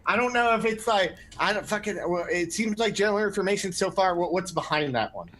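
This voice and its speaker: A man's voice: high-pitched, expressive, fairly quick, fairly bright tone, slight background noise. Rambling, profane male player. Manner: profane and rambling, with many fillers. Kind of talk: casual tabletop role-play.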